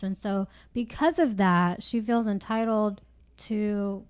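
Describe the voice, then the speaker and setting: A woman with a mid-range voice chats casually about a book. She offers thoughtful, reflective comments in a relaxed way. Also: mid-range voice, a little slow, clear, resonant tone. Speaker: podcast co-host. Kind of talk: casual book-club chat.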